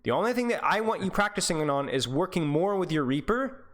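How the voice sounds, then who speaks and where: A man's voice: high voice, lively intonation, fairly quick, a bit bright. A man coaching a player over voice chat, encouraging and repetitive, telling stories to make his point. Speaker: esports coach.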